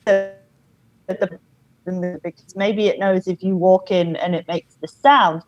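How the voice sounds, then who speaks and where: A woman guest on a podcast, explaining things in a measured way with many "you know"s. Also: mid-range voice, steady tone, lo-fi sound. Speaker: company founder, podcast guest. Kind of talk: casual interview talk.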